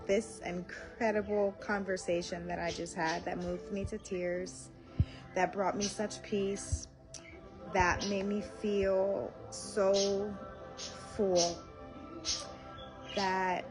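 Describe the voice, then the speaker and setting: A woman speaking live to her viewers from home, slow and earnest, audibly emotional and near tears as she shares a personal faith experience. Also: fairly low pitch. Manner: slow, tearful, heartfelt and earnest. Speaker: faith livestream host. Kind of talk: emotional live-stream testimony. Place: home, indoors.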